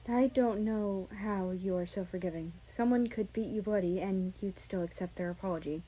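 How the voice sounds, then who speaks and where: A woman's voice: medium pitch, normal speed, mellow, a little hiss or hum, lightly acted, low-quality recording. A woman doing a remorseful young brother. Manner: earnest, apologetic. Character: remorseful young man apologizing to his brother. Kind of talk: fan fiction audiobook reading.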